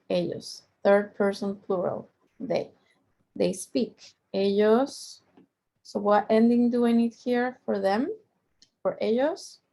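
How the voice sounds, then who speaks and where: A middle-aged woman teaching Spanish in a slow, unhurried way. Her voice has a gravelly fry, and she stretches out each example word and goes over every point twice. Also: mid-range voice, a little mellow. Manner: explains slowly, drawing out Spanish example words; patient, repeats each point. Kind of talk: language lesson.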